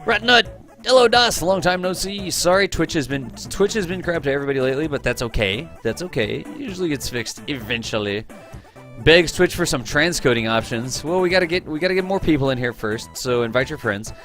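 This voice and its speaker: A man with a slightly high voice hosts a live stream from his home setup and talks loosely with his chat. He greets viewers by name, teases them and laughs easily. Soft music plays faintly in the background. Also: lively intonation, brisk.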